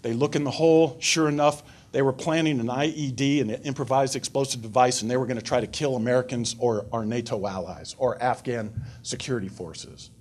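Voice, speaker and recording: An older man giving a talk to a forum audience. He tells stories with life in them, acting out the people in them, and his voice sits at a middling pitch. He goes on to take questions from the room. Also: a little fast. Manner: animated storyteller, voices characters in his anecdote. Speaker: guest speaker at a foreign affairs forum. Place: lecture room before an audience.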